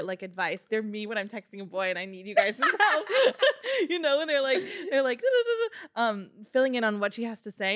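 A woman's voice: mid-range voice, fairly bright tone, no echo, studio quality. A young woman co-hosting a podcast in casual chat, bubbly and giggling often. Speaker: podcast co-host.

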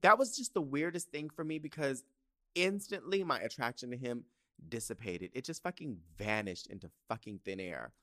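A man hosting his own podcast, spinning casual stories with a lively, swooping delivery. He is campy and profane and acts out his own reactions. His voice sits at a middle pitch and sounds dry and close, with no room around it. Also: normal speed, dry recording. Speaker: podcast host. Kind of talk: casual comedic storytelling.

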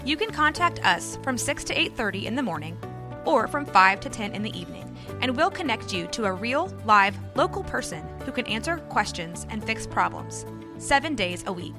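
A woman's voice: a little high, sing-song, normal speed. Woman reading an ad over music. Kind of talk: scripted ad read. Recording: clear music bed.

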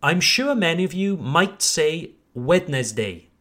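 Slow, animated male pronunciation teacher. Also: a little high. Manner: slow, emphatic modelling of words, addresses listeners as ladies and gentlemen. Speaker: English pronunciation teacher, podcast host. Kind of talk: podcast pronunciation lesson.

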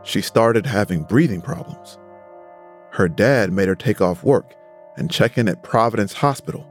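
A man narrating a documentary story in a measured, scripted way. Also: lowish voice, expressive, faint music behind.

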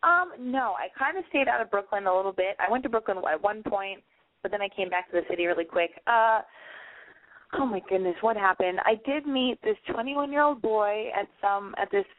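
A woman's voice: mid-range voice, a little fast. A woman hosting a call-in podcast, giving dating advice in a brash, rambling, profane way. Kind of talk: casual call-in advice chat. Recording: phone-like narrow band.

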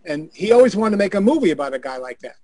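An older man tells stories on a video call in a high, lively voice, cursing freely and acting out the people he quotes. The sound is dry, with no room around it. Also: very fast, no echo. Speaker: guest on a video call show. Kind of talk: anecdotal storytelling.

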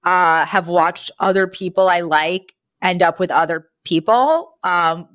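A chatty woman co-hosting a podcast, talking in a relaxed way that often breaks into laughs. She is recorded close on a mic with a dry, dead sound. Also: lowish voice, measured pace, dry recording. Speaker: podcast co-host. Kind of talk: casual podcast chat.

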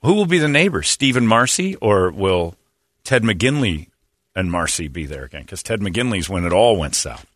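A male show host talks in a lowish voice, blunt and opinionated as he riffs. His delivery is casual and grumbling. The sound is close and dry. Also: sing-song, a bit bright, no echo. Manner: blunt, opinionated, quick to complain. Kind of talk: casual banter.

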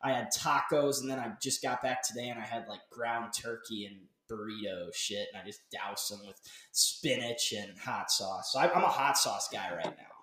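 Young man, podcast host, casual chat, animated, swearing, roomy echo. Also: lowish voice, moderate pace, few pauses. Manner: animated, rambling, swears freely. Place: dark home office.

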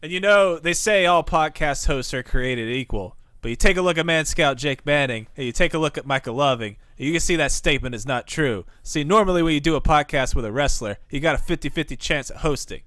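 A man putting on a brash, muscle-bound male wrestler cutting a loud, boastful promo full of made-up math. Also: on the high side, fairly quick, hardly any pauses, no room sound, close to an everyday voice.

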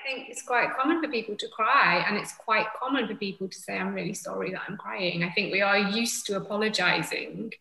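Woman, yoga teacher guest, bright tone, roomy echo, soft reflective pace. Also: medium pitch, fairly quick, gravelly, hardly any pauses. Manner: gentle, reflective, with soft fillers. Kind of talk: casual conversation.

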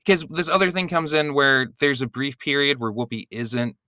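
A man's voice: medium pitch, steady tone, moderate pace, sharp tone, no echo, clean studio sound. A man co-hosting a podcast, chatting casually and playfully about a movie, joking and dropping into silly voices. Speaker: podcast co-host. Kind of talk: casual movie-recap chat.

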